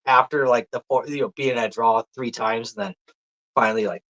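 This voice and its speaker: Animated Minnesota man, lo-fi sound. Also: medium pitch, fairly quick. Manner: animated, laughing, swears casually. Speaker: podcast guest, deer hunter. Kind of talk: casual storytelling chat. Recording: dull lo-fi audio.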